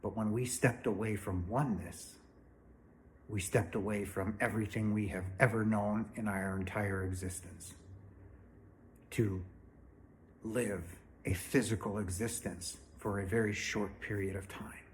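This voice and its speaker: A man's voice: on the low side, fairly even intonation, a little slow, a little hiss or hum. A man hosting his own spiritual channel, talking straight to the viewer in a blunt, earnest, no-nonsense way. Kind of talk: direct-to-camera spiritual talk. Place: home, indoors.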